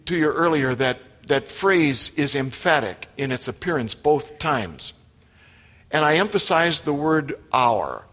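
A man's voice: a little high, a bit bright. Emphatic man preaching in a reverberant hall. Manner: emphatic, with direct questions to the congregation. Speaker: pastor. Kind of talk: sermon. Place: church sanctuary.

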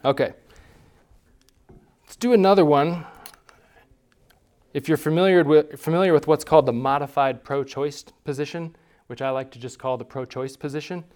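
A man leading a class, teaching in a relaxed, conversational way and putting questions to his students. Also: a little high, moderate pace, pauses often, clean tone.

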